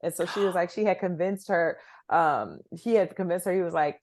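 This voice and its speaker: Low-voiced, giggly young woman. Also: quick pace, few pauses, a little mellow, dry recording, studio quality. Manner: giggly, easygoing storyteller. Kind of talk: casual chat.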